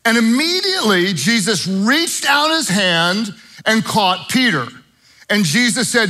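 A man preaching a sermon as pastor, earnest, moving between hushed prayer and animated storytelling. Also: high-pitched, measured pace, low-quality recording.

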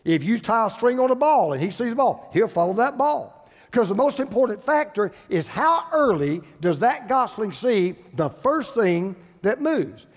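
An older man preaches a sermon from the pulpit, his voice sitting high. He leans on repetition to drive points home, and a long reverb trails through the hall. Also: sing-song, moderate pace. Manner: emphatic, repeats phrases for stress. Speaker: pastor.

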